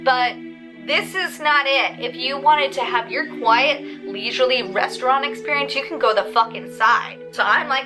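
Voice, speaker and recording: A woman's voice: sits high, moderate pace, low-quality recording. A woman vlogger casually telling a story in a profane, indignant rant, recorded outdoors on a windy day. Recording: music bed under the voice.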